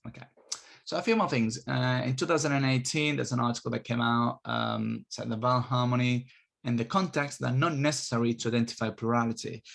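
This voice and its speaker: A man giving a recorded university lecture on linguistics, explaining step by step and repeating example words slowly to show how they sound. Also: medium pitch, fairly even intonation, creaky, fairly bright tone.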